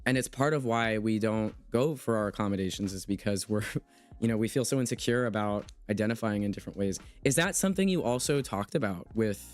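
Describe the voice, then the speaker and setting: A man's voice: fairly low pitch, fairly quick, soft background music. A man hosting a livestream conversation with a guest, talking in an emphatic, impassioned way and reading out chat comments as he goes. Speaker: livestream host interviewing a guest.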